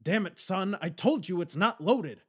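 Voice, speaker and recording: A stubborn, commanding man in his nineties who growls and shouts his orders, as a male narrator acts him out. The voice sits fairly high for a man, with a lively swing in its pitch. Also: unhurried. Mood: angry.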